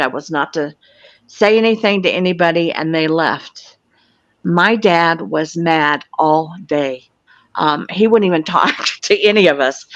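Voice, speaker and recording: Here a woman in her sixties, whose voice sits low, recounts her own experience in an earnest, matter-of-fact tone. She's from Florida and appears as a guest, a UFO field investigator. Dull lo-fi, dry recording with no echo.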